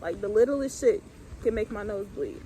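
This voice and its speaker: A woman's voice: mid-range voice, moderate pace, mellow, slight background noise, low-quality recording. A young woman from the US Midwest telling a storytime in a blunt, profane, laid-back way with lots of fillers. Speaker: vlogger. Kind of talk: casual storytime.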